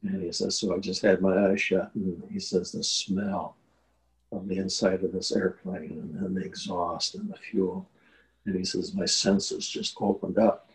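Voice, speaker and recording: Older man, deep voice, earnest interview storyteller with fillers. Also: level tone, a little slow, poor audio. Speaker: guest telling a war veteran story.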